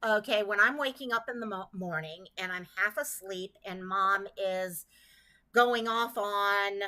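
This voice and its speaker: A woman's voice: medium pitch, unhurried, sharp tone. A woman hosting a casual livestream, talking to her community in a chatty way and stopping to greet viewers by name. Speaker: livestream host.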